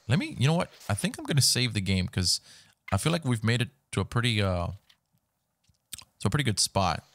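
A young man giving excitable, swearing commentary while he plays a video game on a headset mic. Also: fairly low pitch. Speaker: gaming YouTuber. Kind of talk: live gameplay commentary. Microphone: gaming headset.

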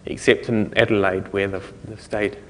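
A man's voice: fairly low pitch, level tone, normal speed, fairly bright tone, a little hiss or hum. A man with a New Zealand accent giving a conference talk in a loose, rambling way, with many fillers, restarts and chuckling asides. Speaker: conference speaker. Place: lecture hall. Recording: lecture hall with long reverb.

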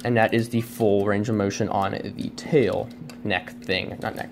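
A man's voice: fairly low pitch, steady tone, a little slow, creaky, darkish tone, a little hiss or hum. A man reviewing a toy at home on camera, rambling and self-deprecating, with many fillers and restarts. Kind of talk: casual unscripted review. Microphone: camera on a tripod.

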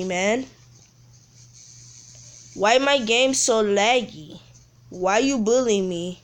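Slow and given to long pauses, a woman with a mid-range voice chats casually while live-streaming a mobile game on her phone. She uses slang, addresses viewers as bro and man, and whines about the lag.

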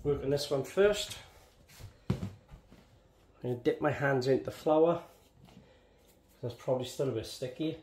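A man's voice: mid-range voice, a little slow, pauses often, a little mellow. Chatty Welsh man in his sixties baking. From Wales. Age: 60s. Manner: chatty, step-by-step, talks to viewers as he works. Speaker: home baker. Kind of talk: casual baking demonstration. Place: home kitchen. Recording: echoey kitchen, faint background noise.

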